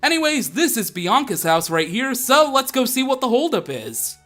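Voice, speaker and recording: A man's voice: very high voice, very animated, normal speed, bright, forceful tone, faint music behind. A young man hosting a Let's Play, chatting casually and laughing as he plays. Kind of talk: casual gameplay commentary.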